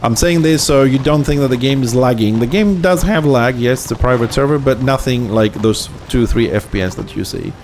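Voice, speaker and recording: A man's voice: mid-range voice, brisk, few pauses, a little mellow, a little hiss or hum. A man with a slight lisp, speaking English as a second language and chatting casually to viewers while he streams a game. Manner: chatty, explains things to viewers as he plays; non-native English speaker. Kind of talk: casual live-stream commentary.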